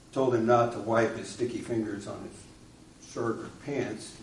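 A man preaching a sermon in a mid-pitched voice, with a storyteller's habit of putting questions to his listeners. His voice carries from a distance through a roomy, echoing hall. A faint hum of ambience sits behind him. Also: mellow. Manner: storytelling, asks the congregation questions. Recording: echoey room, distant mic.

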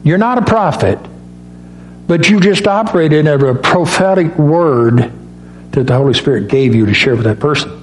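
A man's voice: on the high side, expressive, normal speed, slight background noise. Folksy male preacher telling stories. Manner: folksy, storytelling with quoted dialogue. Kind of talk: sermon with personal stories.

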